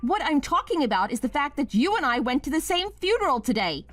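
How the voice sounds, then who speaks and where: A woman's voice: sits high, sing-song, a little fast, a bit bright, soft background music. A woman voicing a wife named Mia in a scripted drama, pleading at first and then sharply accusing her husband.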